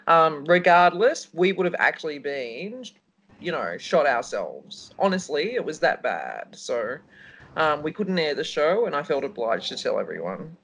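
A woman's voice: low-pitched, very animated, unhurried, a bit bright. A woman co-hosts a casual radio-style talk show. She rambles through a story, and her voice rises and falls a lot. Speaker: co-host.

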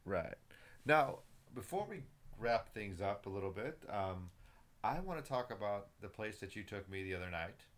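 A man co-hosts a laid-back podcast, asking questions and laughing easily. His voice sits low for a man. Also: lively intonation, normal speed, a bit bright. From United States. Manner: easygoing, laughs often, asks questions. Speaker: co-host. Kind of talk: casual podcast chat.

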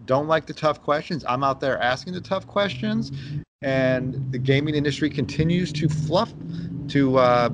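A man's voice: medium pitch, very noisy. A man hosting a casual radio-style talk show. He speaks bluntly and gives strong opinions, restarting his sentences as he goes. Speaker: host.

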